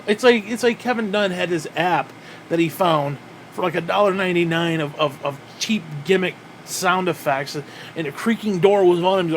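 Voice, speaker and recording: A man's voice: sits high, normal speed, slight background noise. A man ranting in a wrestling review, profane and exasperated, with frequent sighs.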